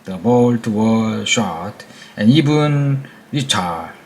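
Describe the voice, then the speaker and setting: A Korean man with a Korean accent, a native Korean speaker, reading an English textbook aloud for practice in a careful, halting way with hesitations and slips. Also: fairly low pitch, expressive, a little mellow. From South Korea.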